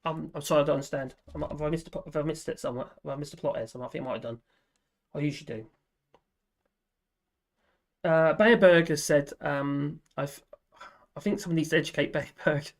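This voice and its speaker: Male streamer, slightly high voice, chatty and rambling, laughs a lot. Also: quick pace, creaky, long pauses. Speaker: livestream host. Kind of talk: casual live chat reading viewer comments.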